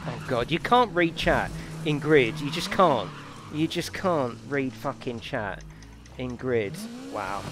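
A man's voice: mid-range voice, lively intonation, slow pace, background noise. A man streaming a racing game, chatting and joking with viewers and swearing freely over game music. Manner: banters with chat, swears freely. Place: home gaming setup.

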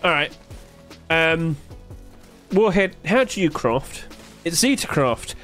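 A man's voice: fairly high pitch, lively intonation, takes it slowly, a bit bright, soft background music. A man giving casual gameplay commentary, thinking aloud, puzzled and joking, with plenty of fillers. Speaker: streamer playing a game.

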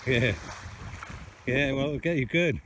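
A man's voice: medium pitch, a little slow, fairly bright tone, rough recording. Breathless older Aussie man filming outdoors. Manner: chatty, rambling commentary while walking. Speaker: vlogger. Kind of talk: casual outdoor vlog. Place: outdoors by the coast. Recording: outdoor camera with wind noise.

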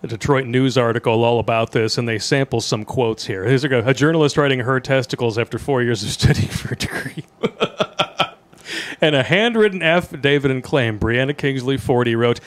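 A man's voice: medium pitch, fairly quick. A man co-hosting a podcast, reading out news stories with mocking jokes and frequent laughter. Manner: joking, laughing at his own jokes, mocking. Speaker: podcast co-host. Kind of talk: casual comedic news commentary.

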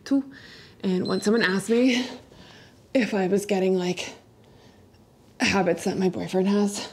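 Breathy, winded woman coaching a workout. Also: mid-range voice, fairly even intonation, a little slow, darkish tone. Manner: upbeat coaching cues and countdowns. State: out of breath from exercising. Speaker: fitness coach. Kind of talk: follow-along workout instruction. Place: indoors, not outside.

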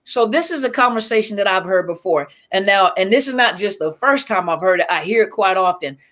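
A woman's voice: mid-range voice, animated, a little fast, fairly bright tone. A woman with a Southern US accent hosting a casual livestream, greeting viewers by name with lots of fillers. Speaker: livestream host and coach.

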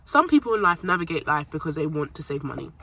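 A woman's voice: deep voice, fast talker, slight background noise. Giggly woman vlogging. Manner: chatty, giggly, animated. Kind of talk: casual chat to camera. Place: parked car.

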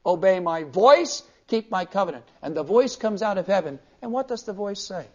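A man's voice: sits high, lively intonation, a little fast, a little mellow. A male pastor teaching a class, emphatic and repeating key words to drive each point home. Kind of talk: classroom theology lecture. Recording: dull lo-fi cassette tape.

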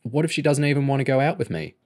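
A man's voice: mid-range voice, quick pace, a little mellow, pitched above the performer's own voice, natural voice. A man doing an awkward teenage boy.

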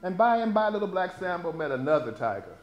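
A man's voice: high voice, sing-song, quick pace, highs cut off, faint music behind. A male performing artist reading a children's story aloud at a live gallery event and breaking off for wry, laughing asides.

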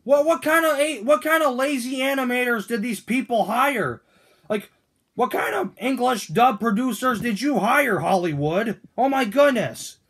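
A man's voice: extremely high pitch, lively intonation, moderate pace, a bit bright, slightly rough, heavily acted. A man voicing Toad as a grumpy, whiny male figure in a fan-made cartoon, ranting with indignant questions.

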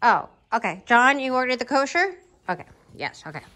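A woman's voice: high voice, sing-song, fairly quick, pushed and bright. A woman who works as a flight attendant, playfully running a mock in-flight meal service outdoors while feeding horses, with cheery, teasing cabin-crew patter.

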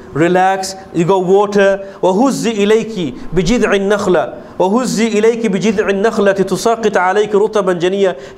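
A man giving a religious lecture to a group, explaining at length and asking his listeners questions, with many fillers and restarts. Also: sits high. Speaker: lecturer on a pilgrimage programme. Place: lecture room in a city of pilgrimage.

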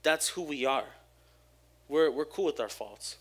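A young man giving a casual, energetic sermon at a church service, joking with the crowd and talking openly about himself. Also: a little high, unhurried. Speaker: church speaker.

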